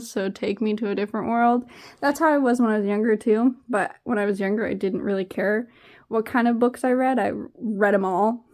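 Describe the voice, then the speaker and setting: Young woman vlogger, slightly high voice, tired and rambling, casual chat. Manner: rambling, trailing off with fillers. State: low and tired.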